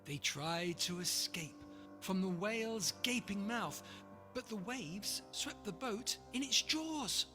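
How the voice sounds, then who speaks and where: Lively, slow author reading a rhyming book. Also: medium pitch. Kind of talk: rhyming storybook read-aloud. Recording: long reverb, faint music behind.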